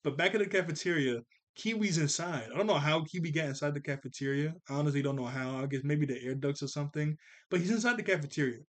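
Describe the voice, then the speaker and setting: A man casually recapping and reviewing a cartoon episode, laughing often and slipping into quick character voices. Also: fairly high pitch. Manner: animated, laughs often, jumps into character voices when quoting.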